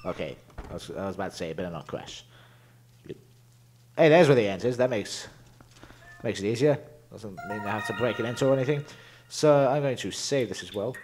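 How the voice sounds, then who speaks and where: A man's voice: fairly low pitch, lively intonation, quick pace, darkish tone, faint music behind. A man casually commenting on his own gameplay as a let's play host, mumbling to himself and cracking jokes.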